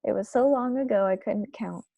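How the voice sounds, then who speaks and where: A woman reading aloud, voicing a huge, kindly, very old male giant who mangles his words earnestly and a little loudly. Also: medium pitch, moderate pace, gravelly, no echo. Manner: garbled grammar, loud and earnest.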